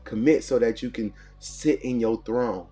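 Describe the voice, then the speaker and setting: A man with a mellow, mid-range voice hosts a morning motivation show, preaching at a measured pace in punchy, repeated lines with a call-and-response cadence. Soft music plays in the background.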